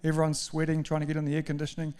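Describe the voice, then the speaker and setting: A middle-aged man preaching a sermon, telling a story in an animated, self-mocking way with emphatic strings of words. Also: a little high, very fast, clear, resonant tone. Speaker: pastor. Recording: long hall reverb.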